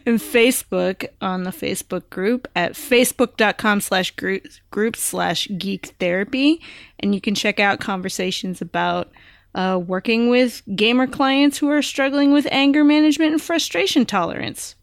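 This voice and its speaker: A woman's voice: fairly high pitch, normal speed, no echo, studio quality. A woman co-hosting a casual podcast chat in an enthusiastic, chatty way. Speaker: podcast co-host.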